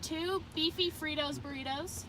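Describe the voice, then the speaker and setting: Young woman, high voice, bubbly, giggly, casual vlog chat, car interior, road noise. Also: a little slow, fairly bright tone. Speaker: vlogger. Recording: car recording with background noise.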